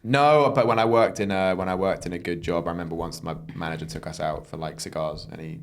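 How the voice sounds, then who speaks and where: A man's voice: low voice, fairly even intonation, quick pace, slight background noise. A man co-hosting a casual podcast, reading emails aloud with lots of fillers and bursts of laughter. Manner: laughs often while reading, trails off with fillers. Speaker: podcast co-host.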